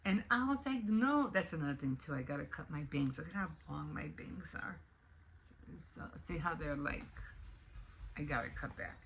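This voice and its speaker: Rambling older woman, lively and bright. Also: low voice, moderate pace, creaky, a little hiss or hum. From United States. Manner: rambling, animated, rising to indignant. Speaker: vlogger. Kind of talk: casual morning chat to camera.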